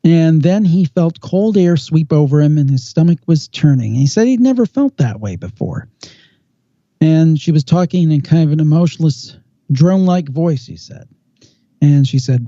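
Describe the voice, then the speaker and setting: Dark-voiced man telling a spooky tale. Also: fairly high pitch, lively intonation, dry recording. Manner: measured storyteller with slow dramatic pauses. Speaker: paranormal podcast guest host. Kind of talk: storytelling on a podcast. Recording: dull lo-fi sound, dry.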